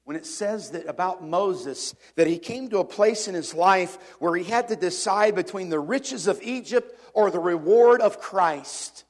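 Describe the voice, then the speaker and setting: A man preaching a sermon in an earnest way. He swings between emphatic rising points and quiet, reflective reading. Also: high-pitched, unhurried, hardly any pauses. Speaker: pastor.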